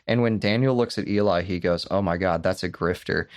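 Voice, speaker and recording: A man co-hosting a podcast, telling a story in an animated, profane way in casual chat. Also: low-pitched, a little fast, no echo, clean studio sound. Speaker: podcast co-host.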